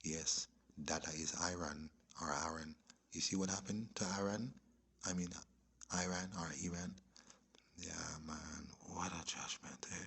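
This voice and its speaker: A man giving rambling spiritual commentary, lecturing and checking in with listeners, often dropping into a hushed whisper. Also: deep voice, fairly even intonation, a little slow, husky. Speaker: religious commentator. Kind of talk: rambling spiritual commentary over video clips.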